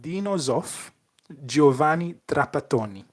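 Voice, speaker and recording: A man's voice: fairly high pitch, expressive, measured pace. A man co-hosting a podcast, chatting casually and playfully reading out quiz questions. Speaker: podcast co-host, quizmaster. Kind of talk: casual chat.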